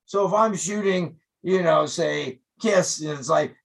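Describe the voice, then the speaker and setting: An older man, a rock photographer, telling stories in an interview, animated and profane, loudly acting out what he said to musicians. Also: fairly high pitch, a little slow, creaky, hardly any pauses, low-quality recording. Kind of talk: casual storytelling interview.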